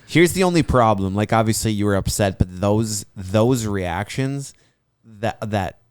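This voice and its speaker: A man's voice: lowish voice, animated, unhurried, clean tone, no room sound, studio quality. A man on a podcast giving frank advice in casual chat. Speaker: podcast co-host.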